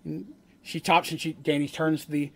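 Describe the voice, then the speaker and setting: Male game master, casual rambling recap, self-corrects a lot, slightly high-pitched. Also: fairly even intonation, normal speed, creaky, a bit bright.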